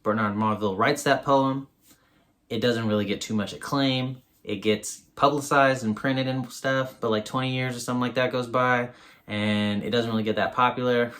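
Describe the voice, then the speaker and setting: A man's voice: on the low side, fairly bright tone. A man giving a casual, rambling book review on his video channel, full of fillers.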